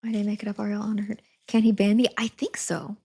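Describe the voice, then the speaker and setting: A woman's voice: mid-range voice, flat delivery, quick pace, gravelly, darkish tone, breathy edge. Giggly chatty woman streamer. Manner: chatty, giggly, reads and answers chat while packing. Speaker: livestreamer. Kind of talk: casual live-stream chat.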